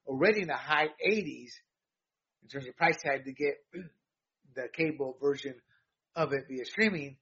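A man's voice: medium pitch, unhurried, long pauses, fairly bright tone, husky, muffled recording. A man hosting a news rundown show, delivering emphatic opinionated commentary that rambles with fillers and restarts.

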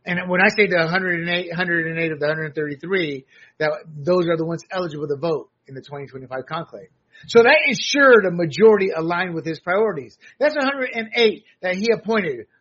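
A man's voice: high voice, animated, fairly quick, a bit bright, lo-fi sound. An American man giving blunt, sarcastic solo commentary, often restarting his sentences. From United States.

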